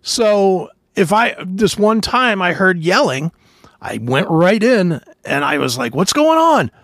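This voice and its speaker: A man hosting a podcast, telling army stories in a casual, profane way and loudly acting out the people he quotes. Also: high voice, takes it slowly, dry recording, studio quality. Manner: animated, swearing, acts out quotes loudly. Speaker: podcast host, former soldier. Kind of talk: casual storytelling chat.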